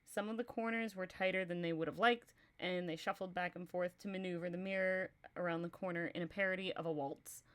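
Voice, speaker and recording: A young woman reading a horror story aloud on a livestream, steady in the reading and chatty between passages. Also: fairly low pitch, brisk, few pauses. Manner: reads steadily, breaks into laughter and chat between passages.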